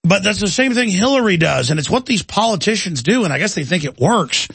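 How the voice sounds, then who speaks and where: A man's voice: sits high, big pitch swings, brisk, gravelly, fairly bright tone, breathy edge, no echo. A man hosting a talk radio show, speaking in an impassioned, ranting way as he takes calls. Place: radio studio.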